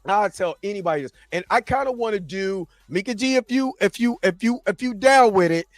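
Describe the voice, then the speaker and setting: Excitable man hosting a live chat. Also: sits high, brisk, no room sound, clean studio sound, faint music behind. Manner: excitable, laughs often, shouts when thrilled. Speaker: show host. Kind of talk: casual live-stream chat.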